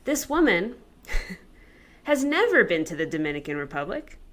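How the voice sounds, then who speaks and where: A woman with a medium-pitched voice, wide swings in pitch, and a slightly slow pace co-hosts a podcast. She talks casually and rambles, leaning heavily on fillers, especially "like."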